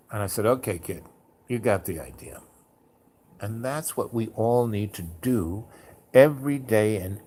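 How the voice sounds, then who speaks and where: A man hosts a casual storytelling monologue in a low, slightly mellow voice, wandering through his tales with frequent "like" and "you know." For quotes, he slips into a raised, theatrical delivery.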